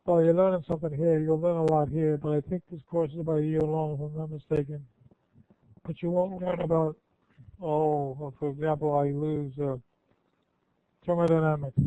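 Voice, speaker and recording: In a dry recording over a tinny, phone-like line, an older male guest speaker chats informally with students in a rambling Q&A, folksy and prone to self-correction. He speaks at normal speed in a fairly high, flat voice with a clean tone.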